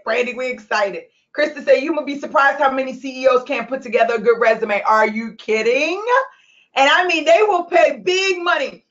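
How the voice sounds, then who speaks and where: Passionate high-voiced woman coach. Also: a bit bright, lo-fi sound. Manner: passionate, preachy, laughs and tears up. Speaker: recruitment business coach. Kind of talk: emotional motivational call replay.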